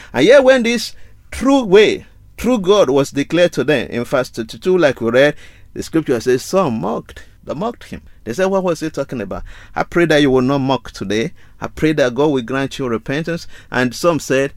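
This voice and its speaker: A man's voice: a little high, no room sound. Emphatic male preacher, dry close sound. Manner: emphatic, rhetorical questions and repetition. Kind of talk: sermon.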